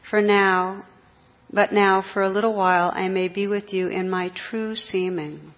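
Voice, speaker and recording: A woman's voice: medium pitch, steady tone, a little slow, lightly acted. A woman reading a sorrowful enchanted lady. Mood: gentle. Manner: pleading, sorrowful. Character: enchanted woman, cursed to look old and hideous. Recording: slightly dull lo-fi recording.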